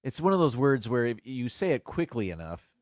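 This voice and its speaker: A man's voice: mid-range voice, big pitch swings, fairly quick, no echo, studio quality. A man hosting a casual live stream by himself, chatting as he thinks aloud. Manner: chatty, muses aloud about word pronunciations.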